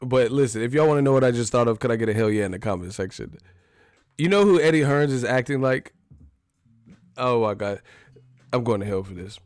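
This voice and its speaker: A man hosting a live boxing talk stream, riffing in an animated, profane, joking way. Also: mid-range voice, a little fast, pauses often, no room sound, clean studio sound. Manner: animated, profane, laughing riffs. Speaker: boxing channel host. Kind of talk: casual live-stream commentary.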